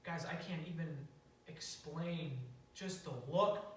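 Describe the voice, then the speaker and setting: Taking his time, a young man with a slightly high voice tells a story during a church sermon, loosely, with fillers and restarts. The mic is distant in a very echoey sanctuary, with slight background noise.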